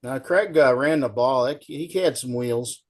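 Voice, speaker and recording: A man's voice: medium pitch, normal speed. A middle-aged man telling folksy stories in casual chat as a show guest, acting out the people in them. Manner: folksy, animated storyteller, acts out shouting coach.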